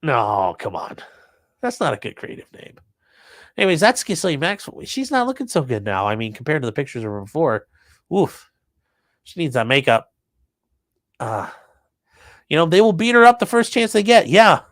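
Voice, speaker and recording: A man's voice: a little high, sing-song, moderate pace, pauses often, dry recording. A man hosting a casual live stream, reading viewer comments and riffing on news with crude, offhand jokes. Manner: offhand, crude jokey asides. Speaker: livestream host reading chat.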